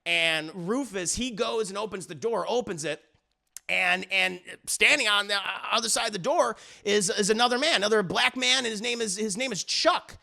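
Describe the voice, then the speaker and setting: A man's voice: high voice, normal speed, creaky, bright, forceful tone. A man streaming live, animatedly retelling a story with lots of cursing while talking to his chat. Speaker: streamer reviewing media.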